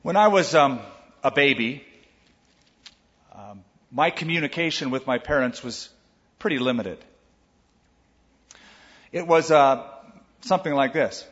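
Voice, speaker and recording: An older man preaching a sermon as pastor, in a conversational, animated way with asides to his listeners. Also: medium pitch, a little slow, long pauses, long reverb tail, muffled recording.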